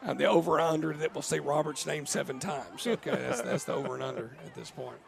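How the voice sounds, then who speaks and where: A man's voice: a little high, fast, creaky, crowd noise. A man doing live play-by-play commentary, jokey and rambling, laughing often. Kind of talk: live game commentary with banter.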